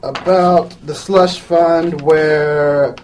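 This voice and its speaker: A man's voice: on the high side, steady tone, very slow, darkish tone, slight background noise. A man voicing a hesitant, stammering young apprentice.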